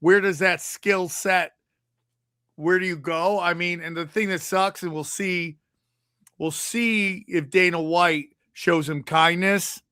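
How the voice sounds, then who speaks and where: High-voiced animated man telling stories. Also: takes it slowly, clear, resonant tone, dry recording, clean studio sound. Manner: animated, swears freely, acts out quotes. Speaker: podcast host. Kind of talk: casual chat, storytelling.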